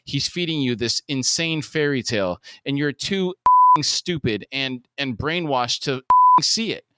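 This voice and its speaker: A man's voice: mid-range voice, animated, measured pace, pushed and bright, clean tone, no echo, voice pushed up. A man voicing an angry, protective middle-aged father while reading the scene aloud. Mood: heated.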